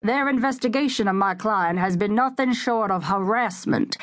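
A woman's voice: mid-range voice, normal speed, voice pushed up, natural voice. A woman reading the lines of a smug male defense attorney, speaking combatively to a press crowd in an audiobook. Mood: defiant. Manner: combative, addressing reporters.

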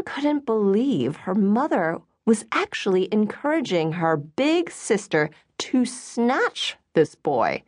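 A woman narrating an audiobook in an expressive reading voice. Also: mid-range voice, takes it slowly, few pauses, dry recording, studio quality.

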